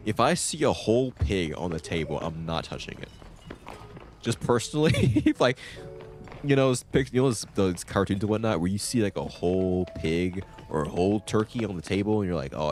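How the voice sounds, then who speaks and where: A male streamer giving chatty, animated commentary while playing a game, breaking into laughing rants. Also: on the low side. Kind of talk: let's-play commentary.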